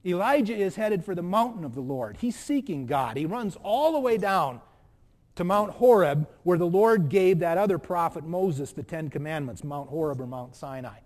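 A male pastor with a fairly high voice delivers an earnest sermon, rising to loud emphasis and then dropping to a hush. His words ring out with the long reverb of a big church hall. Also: expressive, moderate pace. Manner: earnest, swings between loud emphasis and hushed soft passages.

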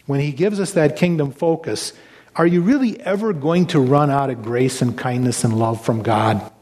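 Male pastor, fairly high voice, earnest sermon delivery, long church-hall reverb. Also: moderate pace, darkish tone.

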